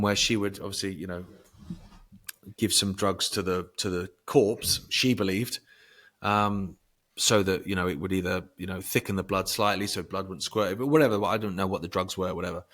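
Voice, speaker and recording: Man, podcast guest, casual talk, swearing, emphatic bursts, lowish voice. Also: fairly bright tone. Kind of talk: casual conversation.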